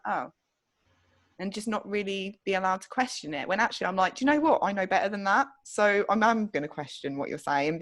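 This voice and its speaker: A woman's voice: lowish voice, fairly bright tone. A woman co-hosting a podcast in casual chat, blunt and outspoken, swearing freely. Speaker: podcast co-host.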